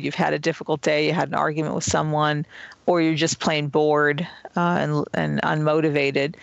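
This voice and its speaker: A man's voice: on the high side, vocal fry, fairly bright tone, no echo, poor audio. A man, the author, answering an interview question and patiently explaining self-help skills one step at a time. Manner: earnest, patient, step-by-step teaching. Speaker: author and guest.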